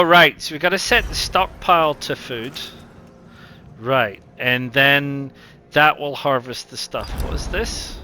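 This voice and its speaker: A man's voice: medium pitch, sharp tone, slight background noise. A man with a New Zealand accent casually commentating a strategy game, thinking aloud with lots of ums. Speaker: gaming channel host.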